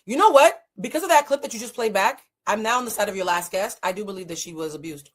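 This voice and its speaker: A woman life coach giving blunt, animated commentary in a casual chat. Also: mid-range voice, quick pace.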